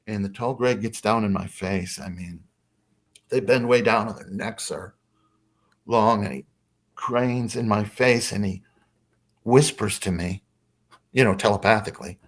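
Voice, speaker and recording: A man's voice: mid-range voice, measured pace. A man who is a podcast guest, telling a story casually and hesitantly, with many fillers.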